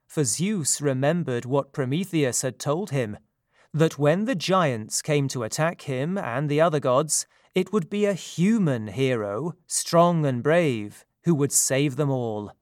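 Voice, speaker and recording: A man reads a myth aloud like a storybook, calm and measured at an unhurried pace. His voice is a little high for a man, and the recording is close and dry with no echo.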